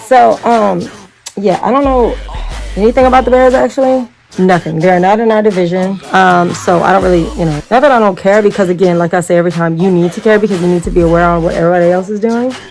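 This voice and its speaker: A woman talks her way through a makeup tutorial, loose and rambling, and keeps turning to her viewers as y'all. Her voice sits in a middle pitch. Soft music runs faintly underneath. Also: quick pace, vocal fry, poor audio. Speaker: makeup vlogger. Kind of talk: casual makeup tutorial chat.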